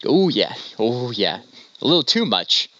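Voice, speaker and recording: Man, casual chat co-host, rambling storyteller, bright voice, lo-fi sound. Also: medium pitch, big pitch swings, unhurried, dry recording. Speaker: podcast co-host.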